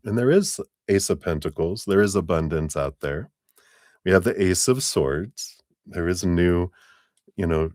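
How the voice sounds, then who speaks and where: A man hosting a live stream gives a tarot reading in a deep, low voice, drawing out his phrases unhurriedly. He rambles casually, leaning on "you know" and soft chuckles, and the sound is dry and close with no room sound.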